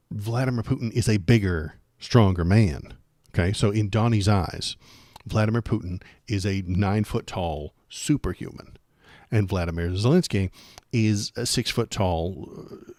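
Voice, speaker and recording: A man's voice: fairly low pitch, darkish tone, no echo, studio quality. A man hosting a political livestream, talking casually with a sarcastic, rambling, jokey manner.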